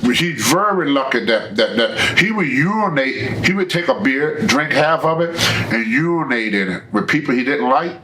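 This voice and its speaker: A man's voice: mid-range voice, expressive, normal speed, roomy sound, noisy background. A man telling blunt, emphatic stories as an interview guest. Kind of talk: casual storytelling.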